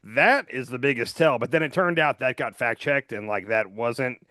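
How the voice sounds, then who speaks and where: A man at mid pitch talks through the news with his co-host, rambling and informal and full of little filler words. The sound is dry and close, with almost no room in it. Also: moderate pace, bright, forceful tone, dry recording. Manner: loose and rambling, heavy on "like" and "um". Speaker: podcast co-host. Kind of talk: casual political chat.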